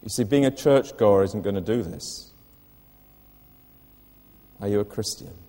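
A man's voice: lowish voice, measured pace, warm tone, long reverb tail. An older man preaching a sermon in church, earnest, putting direct questions to the listeners.

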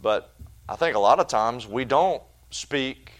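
A man preaching a sermon in a church, folksy and animated, with homespun asides. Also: medium pitch, unhurried.

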